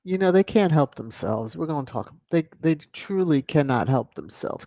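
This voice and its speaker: A woman's voice: deep voice, expressive, moderate pace, hardly any pauses, warm tone, no room sound, highs cut off. A woman hosting a casual livestream, chatting and greeting viewers by name as she reads their comments aloud. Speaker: channel host.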